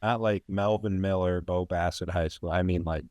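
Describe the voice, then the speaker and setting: Low-voiced male podcast host, casual and sarcastic, rambling delivery, dry close sound. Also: steady tone, normal speed, a little mellow, no echo. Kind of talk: casual sports chat.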